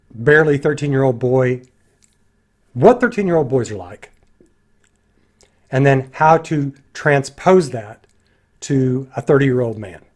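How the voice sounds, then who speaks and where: A man giving a casual spoken film critique, critical and animated, acting out lines of dialogue in his own voices. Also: mid-range voice. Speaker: movie reviewer.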